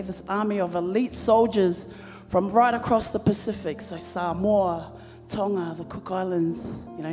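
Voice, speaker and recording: A woman hosting a church service, telling a joke and giving announcements with playful banter to the audience. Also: medium pitch. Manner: lively storyteller with audience banter. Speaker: church program emcee. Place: church hall. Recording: hall reverb, live church sound.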